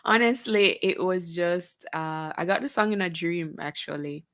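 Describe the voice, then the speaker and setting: A woman's voice: on the low side, normal speed, hardly any pauses, a bit bright, no echo. A woman singer being interviewed in a radio studio, modest and giggly.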